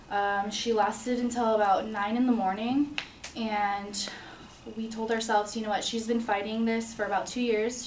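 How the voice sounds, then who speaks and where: A young woman recounts a personal story in a halting, earnest voice, pausing and restarting often. She sounds set back from the mic in a roomy space, with a faint hum of ambience behind her. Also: medium pitch, a little mellow, distant mic. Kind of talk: personal story told to an audience.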